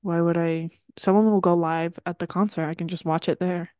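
A woman's voice: lowish voice, fairly even intonation, brisk, mellow, no echo. A woman co-hosting a podcast in casual chat, talking with lots of "like" and laughing often. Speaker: podcast co-host.

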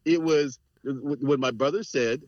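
A middle-aged man appears as a podcast guest, telling candid personal stories in an earnest, reflective way and laughing between points. His voice is medium-pitched and a little slow, and the audio is dry, dull, and lo-fi.

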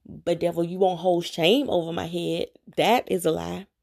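A woman speaks earnestly to her viewers in a confessional devotional talk. Her voice is dark and mellow, with a gravelly fry running through it. She preaches directly at whoever is listening. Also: on the low side, little pitch movement, normal speed. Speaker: Christian vlogger sharing her faith journey.

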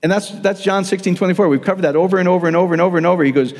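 A man's voice: high-pitched, racing, a little mellow, long reverb tail. A man preaching a sermon, emphatic and repetitive, often restarting his sentences. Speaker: pastor.

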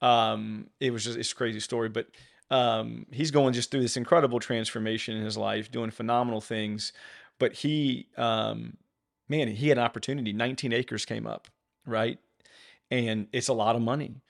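A man's voice: mid-range voice, steady tone, normal speed, vocal fry. A man co-hosting a faith podcast, talking with fervent, rising emphasis. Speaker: podcast co-host.

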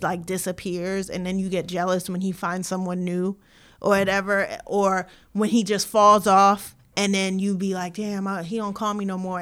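A woman co-hosting a casual podcast, recounting something she watched in a loose, rambling flow. Her talk is slangy and animated, with a mid-range voice. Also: mid-range voice, clean tone. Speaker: podcast co-host. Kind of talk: casual chat.

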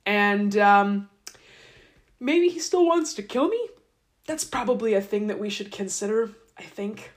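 A woman's voice: mid-range voice, lively intonation, unhurried, close to an everyday voice. A woman voicing an exasperated, defensive younger man who talks in slangy, offhand phrases.

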